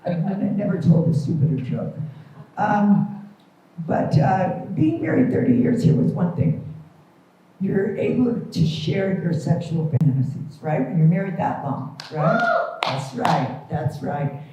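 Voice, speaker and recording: A woman's voice: lowish voice, measured pace, a little hiss or hum. Middle-aged woman doing wry stand-up comedy. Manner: self-deprecating, wry, lively. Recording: echoey, distant, muffled room recording.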